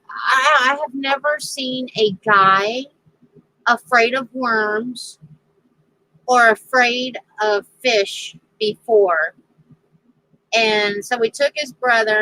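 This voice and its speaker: A woman's voice: fairly high pitch, unhurried, bright, forceful tone, rough recording. A middle-aged woman hosting a casual crafting chat, telling stories with lots of laughter. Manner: storytelling with frequent laughter. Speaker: crafting channel host.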